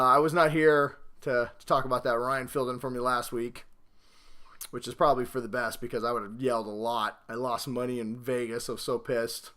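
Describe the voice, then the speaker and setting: A man hosting a casual football talk show, rambling and self-mocking, swinging between loud hype and low mutters. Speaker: podcast host.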